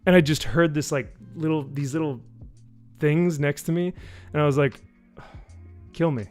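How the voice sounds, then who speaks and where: A man in a casual live-stream review, talking in a sarcastic, animated way with many fillers. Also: moderate pace, faint music behind. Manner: animated, sarcastic, many fillers, mimics people with high voices. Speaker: YouTube reviewer.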